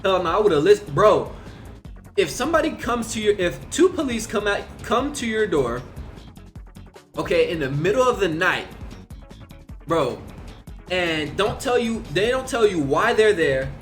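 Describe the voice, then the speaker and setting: A man's voice: sits high, very animated, measured pace, long pauses, faint music behind. A young man casually telling a long personal story, rambling with lots of fillers and swearing. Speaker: vlogger.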